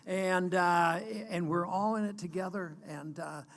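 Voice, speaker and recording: Older American man, gravelly, earnest speaker who stops and restarts. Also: sits high, steady tone, a bit bright. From United States. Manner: earnest, emphatic, halting with restarts. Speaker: guest speaker. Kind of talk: political speech.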